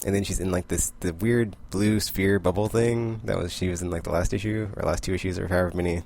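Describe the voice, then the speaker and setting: A man's voice: sits low, steady tone, fairly quick, vocal fry, darkish tone, a little hiss or hum. A young man casually recapping comic issues in a rambling way, full of fillers and quoted character lines. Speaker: comic book vlogger.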